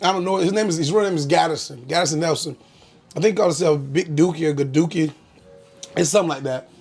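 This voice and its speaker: A young man from Florida talks loosely about his comedy career, pausing often on "um" as he goes. His voice sits a bit higher than most men's. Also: a little mellow, husky. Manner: laid-back storytelling, frequent "um" fillers, bursts of laughter. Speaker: comedian guest. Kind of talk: casual interview chat.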